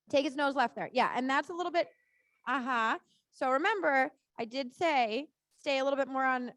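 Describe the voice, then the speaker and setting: High-voiced woman coaching a rider. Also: fairly bright tone, no echo. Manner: encouraging, quick short cues. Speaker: riding instructor. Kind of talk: live coaching during a riding lesson. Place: indoor riding arena.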